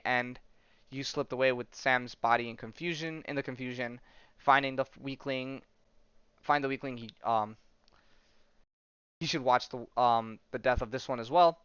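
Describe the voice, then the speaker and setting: A man hosts a casual podcast, walking through a comic book plot and reading the characters' lines aloud between hesitant ums and false starts. His voice is smooth and mid-pitched. The recording is dry and a little dull, like a budget home mic. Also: normal speed, fairly bright tone, dry recording. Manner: retells scenes by reading out dialogue, many ums and restarts. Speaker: podcast host.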